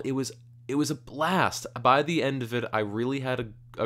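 A young man chatting on his vlog about a voice acting class, excited and gushing, laughing often and stumbling over his words, into a USB condenser mic. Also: fairly low pitch. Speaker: vlogger. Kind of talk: casual vlog chat.

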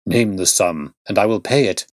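A man's voice: lowish voice, moderate pace, dry recording, studio quality, lightly acted. A man voicing an anguished middle-aged male banker who pleads and exclaims in distress. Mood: eager.

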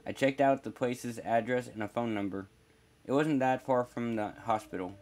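A man's voice: medium pitch, moderate pace, darkish tone. A man narrating a first-person horror story in a plain, wry storytelling manner.

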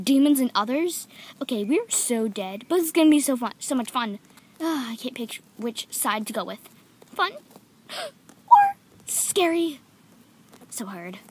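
A woman voicing every figure in a homemade toy-figure story, excitable and giggly as she jumps between playful character voices. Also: on the high side, slightly rough. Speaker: toy video creator voicing all figures.

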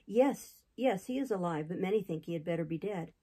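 For a classic novel audiobook, a woman reads the part of a talkative, gossipy older male innkeeper who tells a long tale in a rambling, chatty manner. Her voice is lowish, mellow and husky, animated and fairly quick, and the recording is rough.

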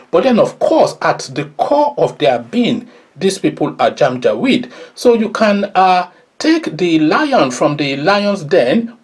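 A man's voice: a little high, husky. A man giving an emphatic, opinionated commentary monologue, often repeating "of course" and "by the way". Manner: emphatic, repeats 'of course' and 'by the way'. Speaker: political commentator.

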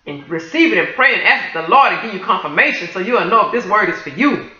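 A woman's voice: medium pitch, lively intonation, quick pace, pushed and bright. A woman sharing a testimony and prophetic word in a fervent, exclaiming way, often calling out to her viewers in praise. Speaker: Christian video creator sharing a prophetic dream. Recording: dull lo-fi sound in an echoey room.

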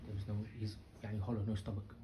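Quiet, rapid-fire male student. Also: lowish voice, completely flat delivery. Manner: quiet, hesitant answers to the teacher. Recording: echoey room, from afar, faint background noise.

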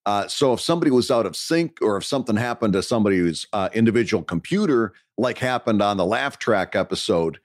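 A man with an ordinary mid-pitched voice, chatting on a podcast he co-hosts. He encourages, laughs easily and explains things patiently, and the sound is dry and close, with no room echo. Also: animated, fairly quick, few pauses. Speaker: podcast co-host. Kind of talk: casual chat. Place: home studio, recorded remotely.

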